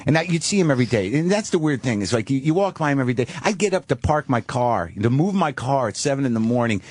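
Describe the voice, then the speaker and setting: A man's voice: medium pitch, sing-song, quick pace, darkish tone, dry recording. A middle-aged man who is a guest comedian, telling a rambling, self-deprecating story in a radio studio, full of restarts. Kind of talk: casual storytelling. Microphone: studio microphone.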